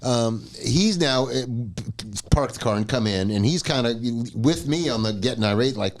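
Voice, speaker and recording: A man's voice: mid-range voice, moderate pace. A man co-hosting a podcast, telling a long story in a casual, profane way and laughing as he goes. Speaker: podcast co-host.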